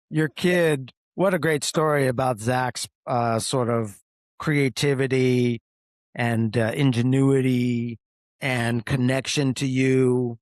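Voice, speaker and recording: A man's voice: mid-range voice, fairly even intonation, takes it slowly, no echo, clean studio sound. A man hosting a podcast, giving reflective, affirming responses in casual conversation. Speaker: podcast host.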